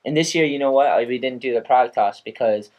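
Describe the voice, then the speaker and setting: Young male podcast host, casual, swears a lot, lively storyteller. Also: medium pitch, a little fast. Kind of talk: casual chat.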